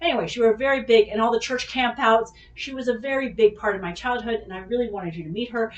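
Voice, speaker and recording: Woman vlogger, bit higher voice, profane and animated storyteller, sits back from the mic in a roomy space. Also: fast, highs cut off. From California Bay Area. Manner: profane, animated, addresses viewers directly. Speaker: vlog host. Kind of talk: casual storytelling. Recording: echoey room, mic at a distance.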